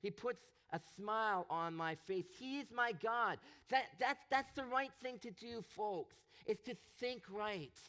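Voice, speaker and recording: Pastor guy preaching, high bright voice, lively, acts out the quotes. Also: measured pace, hardly any pauses. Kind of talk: sermon.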